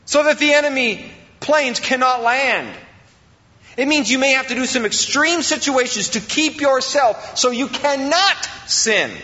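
A man preaching a sermon as the pastor, rising sharply in pitch and acting out the excuses people make. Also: bright, forceful tone. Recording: dull sound with long hall reverb.

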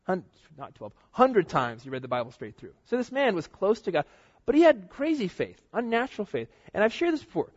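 A man gives a sermon in a loose, storytelling way, full of slang and animated asides. His voice sits a little higher than most men's. The recording is dull and lo-fi. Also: a little fast. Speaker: pastor.

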